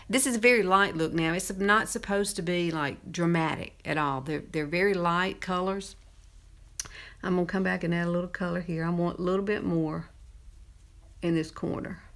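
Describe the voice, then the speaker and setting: A woman's voice: on the low side, gravelly. Chatty Southern woman in her fifties. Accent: Southern American. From Southern United States. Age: 50s. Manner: chatty, laughs often, talks while applying makeup. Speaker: makeup presenter. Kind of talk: casual makeup tutorial.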